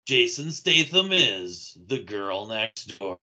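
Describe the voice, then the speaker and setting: A man's voice: lowish voice, very animated, slow pace, bright, forceful tone, muffled recording. A man co-hosting a casual movie chat, riffing on the films with sardonic jokes and casual swearing. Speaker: podcast co-host.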